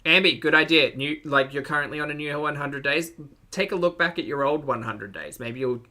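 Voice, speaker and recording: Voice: mid-range voice, brisk, bright, forceful tone. An Australian commentator reacting to a video with wry, teasing asides and casual musings.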